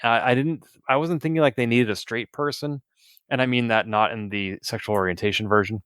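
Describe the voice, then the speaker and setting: His mid-range voice is clear and resonant, fairly bright, and steady in tone as he talks fairly quickly. The man co-hosts a podcast, rambling through casual chat with restarts, recorded in clean studio sound without echo.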